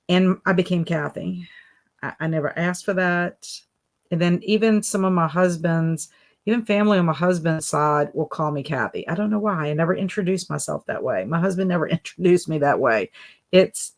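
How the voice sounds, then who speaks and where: A woman hosting a relaxed live stream, chatting in a rambling way and reading out viewer comments. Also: fairly low pitch. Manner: rambling, chatty, lots of fillers. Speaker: livestream host reading chat comments. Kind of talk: casual chat. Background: soft background music.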